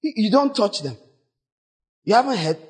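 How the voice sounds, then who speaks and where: At a moderate pace, a man with a high voice preaches with dramatic energy. He gives voice to the people he quotes and breaks into abrupt shouts.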